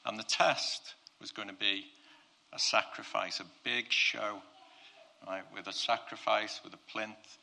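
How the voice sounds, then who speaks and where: A man with a slightly slow, gravelly voice preaches a sermon, recounting a Bible story conversationally. He moves between quiet, low stretches and loud, excited bursts.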